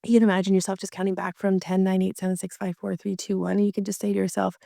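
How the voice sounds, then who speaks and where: A woman's voice: mid-range voice, completely flat delivery, rapid-fire, gravelly, dark tone, no room sound, studio quality. A woman working as a marriage coach, talking casually and chattily with many fillers and restarts.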